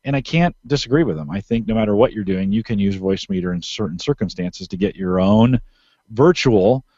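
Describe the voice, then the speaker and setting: A man's voice: fairly low pitch, fairly quick, dark tone, dry recording, highs cut off. A man co-hosting a podcast, talking casually in a rambling, emphatic way and often restarting sentences. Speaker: podcast co-host.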